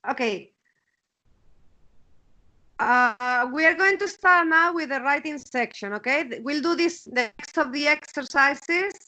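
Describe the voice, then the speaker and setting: High-voiced Spanish-accented woman teaching online. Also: expressive, takes it slowly, long pauses, sharp tone, rough recording. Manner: repeats words while searching, checks with "okay?". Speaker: English teacher. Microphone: video call.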